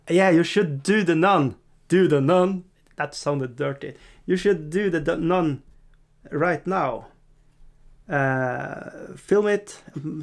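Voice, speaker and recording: Giggly hobby host with a gravelly voice. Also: male voice, a little high. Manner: self-deprecating, laughs often, hesitant restarts. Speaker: miniature painting channel host. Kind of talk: rambling casual chat. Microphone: desk mic in front of green screen.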